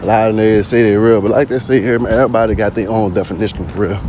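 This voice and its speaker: A man's voice: fairly low pitch, fairly even intonation, fast talker, warm tone, slight background noise. Slangy man talking outdoors. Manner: slangy, peppered with "you hear me". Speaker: vlogger. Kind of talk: casual spoken monologue.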